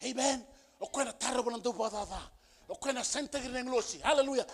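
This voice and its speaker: A male pastor preaching a sermon with emphasis, repeating key phrases and building to shouted peaks. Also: very high voice, fast talker. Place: church service.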